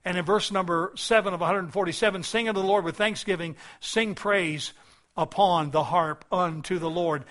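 A man preaching a sermon with a somewhat high voice. He talks earnestly, building to loud stretches and then sinking back to a soft, low delivery. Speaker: pastor.

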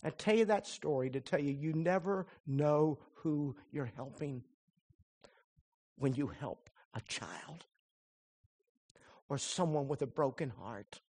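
A man preaching a sermon, telling a story in a lively way and turning soft and earnest when he draws the lesson. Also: fairly high pitch, husky. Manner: animated storyteller who acts out quoted voices; drops to a soft, earnest tone for the application. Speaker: pastor.

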